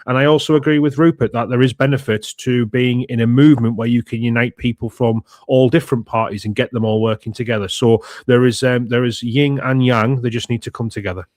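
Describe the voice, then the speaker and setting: A man speaking as a podcast guest in casual chat, relaxed and measured. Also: mid-range voice, dry recording, studio quality.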